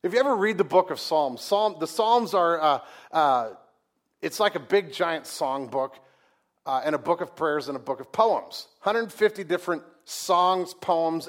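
A man preaching a sermon as pastor, in a conversational, folksy way with humorous asides and rhetorical questions to the congregation. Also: sits high.

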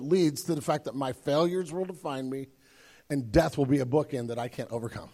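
Earnest, gravelly-voiced pastor preaching. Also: male voice, mid-range voice, a little fast, warm tone, long reverb tail. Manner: earnest, repeats words, builds to emphatic peaks. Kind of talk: sermon. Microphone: handheld or stage microphone.

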